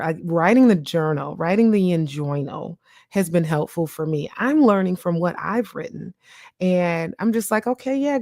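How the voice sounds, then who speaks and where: Lively low-voiced woman podcaster. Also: no room sound, studio quality. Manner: animated, acts out her own inner voice; encouraging, direct advice to listeners. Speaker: podcast host and therapist. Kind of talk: casual motivational podcast talk.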